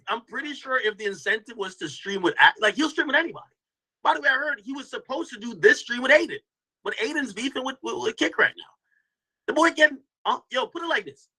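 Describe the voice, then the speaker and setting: A man's voice: extremely high pitch, pushed and bright, poor audio. A man hosting a casual commentary stream, talking loosely to his chat with lots of restarts and slang. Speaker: host reacting to a stream clip.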